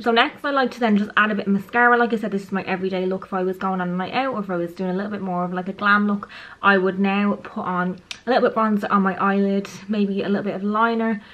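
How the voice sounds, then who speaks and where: A woman's voice: medium pitch, fairly bright tone, muffled recording. Chatty woman doing her makeup. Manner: chatty, self-aware, talks while applying makeup. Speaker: beauty vlogger. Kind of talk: casual makeup tutorial chat.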